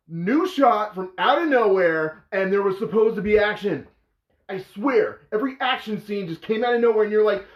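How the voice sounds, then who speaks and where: A man hosting a casual movie review, animated and exasperated, breaking into emphatic, incredulous outbursts. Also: high-pitched, moderate pace. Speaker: host of a movie review show. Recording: echoey room, dull lo-fi sound.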